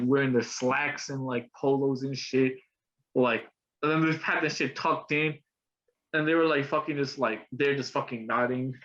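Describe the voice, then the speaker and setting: This young podcast host, of Colombian roots, has a mid-range, slightly bright voice. He rambles in casual chat full of slang and fillers, recorded through a video call with muffled sound.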